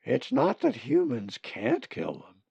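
A witty female raven, voiced by a man in a storybook. She teases slowly, her voice lifted high and lively. The recording sounds dull. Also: gravelly, slightly rough, no echo, full character voice. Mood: teasing.

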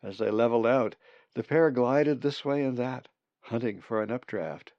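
A man narrating a storybook in a slow, measured reading. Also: mid-range voice, no room sound, muffled recording.

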